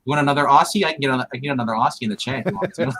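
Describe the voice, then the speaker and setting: A man's voice: medium pitch, expressive, rapid-fire, a loud crowd. A man from Ohio joining a live stream as a guest, chatting casually and joking, with "man" and "dude" sprinkled through his talk. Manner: laid-back, joking, says "man" and "dude" often. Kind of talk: casual chat.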